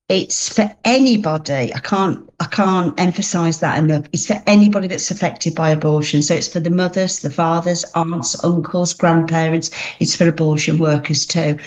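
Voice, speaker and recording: Lady sharing her story in an interview, earnest and emotional, kinda low voice. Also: a little mellow. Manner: earnest, emotional, restarts often. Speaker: interview guest. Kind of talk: personal testimony in an interview.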